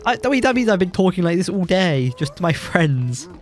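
A young man with a blocked nose, giving excitable, joking commentary while playing a game and yelping when surprised. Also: sits high, fairly quick, faint music behind. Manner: excitable, jokey boasting, yelps when surprised. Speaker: gaming YouTuber. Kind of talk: let's play commentary.

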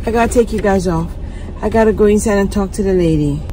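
A woman vlogger chatting casually and excitedly straight to her viewers. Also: medium pitch, fast, slight background noise, low-quality recording. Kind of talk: casual vlog chat to viewers.

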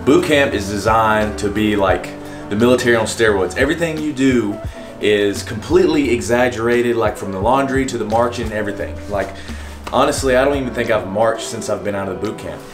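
Young man telling an animated story, low voice. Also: a little fast, music in the background. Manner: animated, acts out shouted commands mid-story; talks straight to viewers with repeated "okay?". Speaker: vlogger and Navy sailor. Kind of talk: casual storytelling to camera.

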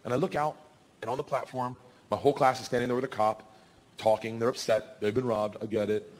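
A man on a comedy stage telling a story with energetic delivery and shouted punchlines. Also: mid-range voice, a little fast, in a large hall. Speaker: stand-up comedian. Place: comedy stage before a live audience.

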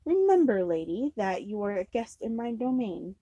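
A woman voicing a brisk, authoritative male museum curator in a storybook reading, firm in tone. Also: medium pitch, sing-song, warm tone, husky, no room sound, lo-fi sound.

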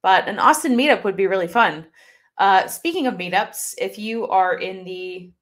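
A woman's voice: medium pitch, lively intonation, moderate pace, a bit bright. A young woman hosting a casual live stream from home, chatting upbeat with lots of fillers as she reads viewer comments. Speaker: YouTube host reading live chat. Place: home, by her desktop computer.

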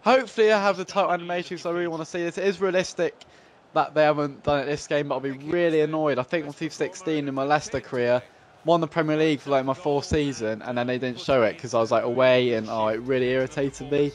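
A man giving live gameplay commentary, excitable, shouting at the match and joking with himself. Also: a little high, fast talker. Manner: excitable, shouts at the match and laughs at his own jokes. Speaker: gaming channel host.

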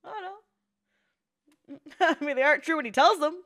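A woman's voice: high-pitched, measured pace, fairly bright tone. A young woman hosting an anime reaction video, talking in a casual, emotional and profane way. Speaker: anime reaction channel host.

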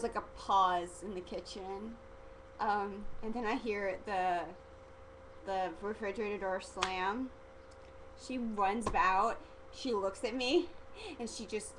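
Teen girl, vlogger, casual rambling, giggly, lots of filler words, slightly high voice. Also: slight background noise, rough recording. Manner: chatty and giggly, heavy use of "like" fillers.

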